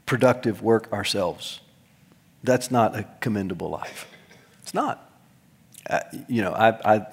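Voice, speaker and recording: A man preaching a sermon as pastor, emphatic, swinging between loud stressed words and soft low asides, with touches of self-deprecating humor. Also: breathy edge. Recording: long hall reverb.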